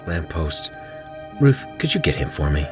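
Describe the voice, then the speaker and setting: A man voicing a flustered, protective young mother in a storybook reading, pushing his voice up high and stammering nervously. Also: very animated, unhurried, faint music behind, exaggerated voice. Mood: coaxing.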